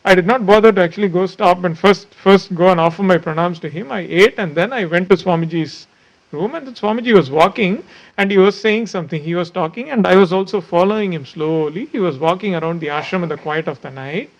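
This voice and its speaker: High-voiced man telling a spiritual anecdote. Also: a little fast, muffled recording. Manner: self-deprecating storytelling with frequent repeats. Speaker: disciple recounting memories of his teacher.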